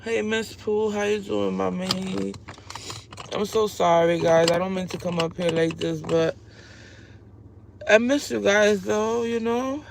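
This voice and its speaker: A woman's voice: medium pitch, steady tone, measured pace, gravelly, noisy background. A woman venting on a live stream, upset and close to tears as she rambles through her troubles at work. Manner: upset, tearful, rambling confessional. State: on the verge of tears. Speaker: livestreamer.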